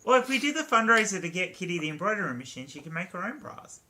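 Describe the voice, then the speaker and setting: Lively-voiced giggly panelist. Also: mid-range voice, fast, dry recording. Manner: giggly, jokey interjections. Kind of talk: casual group chat.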